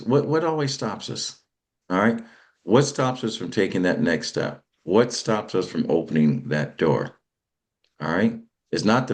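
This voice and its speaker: A man hosting a motivational talk show, speaking in a preacherly way and often checking in with "all right?". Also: deep voice. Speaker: host.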